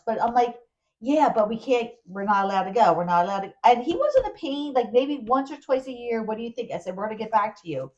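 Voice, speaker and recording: Woman, podcast co-host, casual storyteller, a bit high-pitched, muffled lo-fi audio. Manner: animated storyteller, many restarts. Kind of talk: casual chat.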